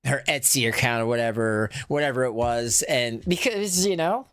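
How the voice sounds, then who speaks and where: A man's voice: mid-range voice, expressive, normal speed, fairly bright tone, clear, resonant tone, no echo. A man arguing sarcastically in a casual livestream chat on an online call. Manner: argumentative, sarcastic.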